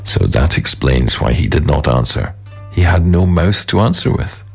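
A man voicing a gruff, deep ghost warrior. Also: very animated, faint music behind, full character voice. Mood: grim. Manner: grim, slow muttering.

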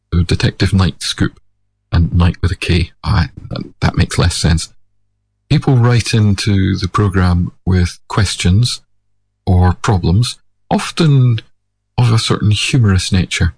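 Gravelly, deep-voiced musing man. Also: darkish tone, a little hiss or hum. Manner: measured, musing, digressive. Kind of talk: reflective monologue.

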